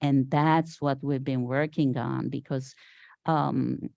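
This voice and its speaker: Low, slow older woman from Syria. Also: gravelly, no room sound, highs cut off. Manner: animated storytelling, acts out quoted voices. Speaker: guest speaker. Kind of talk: storytelling talk at a Sunday service. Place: spiritual center meeting hall.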